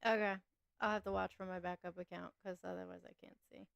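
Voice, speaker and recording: A woman's voice: lowish voice, level tone, fast talker, creaky, a bit bright, highs cut off, slight background noise. A woman co-hosting a livestream, chatting casually, laughing often and answering her viewers' comments. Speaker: livestream co-host.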